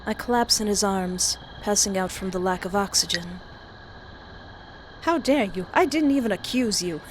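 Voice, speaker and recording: A woman game streamer with a medium-pitched voice reads a horror visual novel aloud, commenting, reacting dramatically, and laughing often. The audio is poor, with a steady background hiss.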